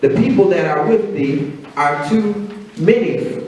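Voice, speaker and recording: A man preaching a sermon, telling the story conversationally and acting out quotes in a low voice. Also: expressive, takes it slowly, darkish tone. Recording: very echoey room, voice from a distance.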